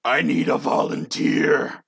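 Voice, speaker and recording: A man voicing a huge, boastful contestant who stomps about and speaks slowly and theatrically. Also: fairly bright tone. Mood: grandiose. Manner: booming, slow, theatrical.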